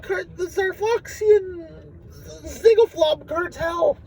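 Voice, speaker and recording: A man voicing a pushy alien stock trader, frantically yelling orders on a trading floor. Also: extremely high pitch, takes it slowly, distant mic, some chatter behind, voice pushed up, heavily acted. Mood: frantic.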